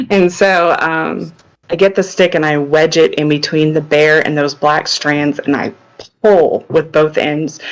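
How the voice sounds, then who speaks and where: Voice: mid-range voice, low-quality recording. Chatty adult retelling a dream. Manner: chatty, retells own thoughts with many likes. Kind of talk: casual storytelling.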